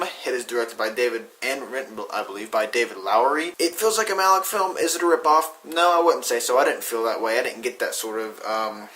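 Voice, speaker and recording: A man's voice: mid-range voice, sharp tone. A young man giving a casual spoken movie review, chatty and often correcting himself mid-sentence. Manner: chatty, self-correcting, hesitant restarts.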